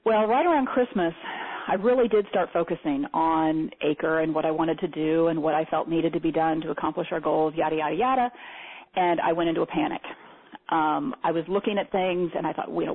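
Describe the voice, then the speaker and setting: A woman with a low voice, speaking a little fast, hosts a live meeting on a call, presenting casually in a chatty, rambling way full of fillers and restarts. It comes through a phone or conference line and sounds tinny.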